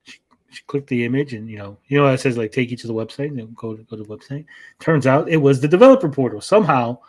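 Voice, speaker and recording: A man's voice: mid-range voice, expressive, fast talker. Rambling man telling a story. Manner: rambling storytelling, tags sentences with "right?"; acts out quoted exchanges in a raised voice. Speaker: streamer hosting a reaction show. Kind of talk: casual chat.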